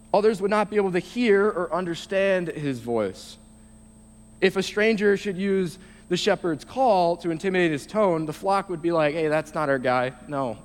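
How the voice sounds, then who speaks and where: Young man, sermon, slightly high voice, halting casual explaining, long hall reverb. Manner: reads scripture slowly, then explains in a halting casual way. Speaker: youth speaker.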